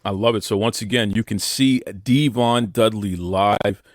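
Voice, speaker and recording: A man's voice: lowish voice, a little slow, dry recording, clean studio sound. A man hosting a podcast interview, upbeat and encouraging as he promotes his guest. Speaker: podcast host.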